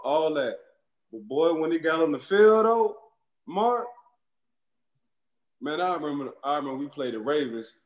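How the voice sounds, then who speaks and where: A man, a former football player, telling animated stories in casual chat and laughing as he goes. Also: medium pitch, reverberant, dull audio.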